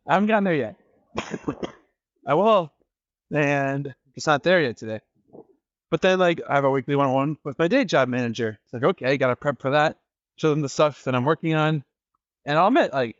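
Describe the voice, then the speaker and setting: A man's voice: fairly high pitch, no echo, muffled recording. A man hosting a podcast in a casual monologue, a little out of breath, rambling and restarting his sentences. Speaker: podcast host.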